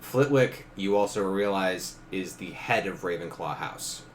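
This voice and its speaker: A man's voice: low-pitched, lively intonation, a little slow, a little hiss or hum. A man narrating as game master in a casual tabletop session, laughing often and briefly acting out characters.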